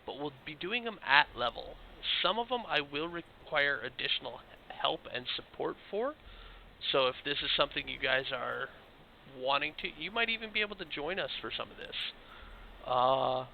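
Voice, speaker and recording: Slightly hoarse man narrating gameplay. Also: on the high side, expressive, moderate pace. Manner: loose, explanatory, talks to viewers directly. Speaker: video game walkthrough host. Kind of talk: casual gameplay walkthrough commentary. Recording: tinny phone-like mic with faint hiss.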